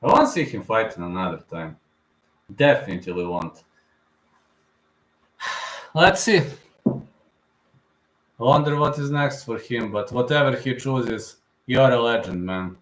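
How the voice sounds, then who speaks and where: A man's voice: mid-range voice, lively intonation, measured pace, long pauses, fairly bright tone, roomy sound, rough recording. A man in his thirties hosting a live fight reaction stream, talking in an emotional, repetitive fan manner. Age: 30s.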